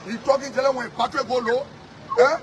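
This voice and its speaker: Defiant Liberian man, high-pitched and fast. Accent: Liberian English. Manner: defiant, combative, repetitive. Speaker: politician. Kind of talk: heated street interview. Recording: crowded street with sirens and noise.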